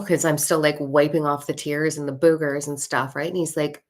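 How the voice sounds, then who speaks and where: A woman's voice: low-pitched, fairly quick, few pauses. A woman telling a personal spiritual story in a casual way, swearing and acting out the voices of people in it. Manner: animated, swears, acts out voices in her story. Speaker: spiritual content creator.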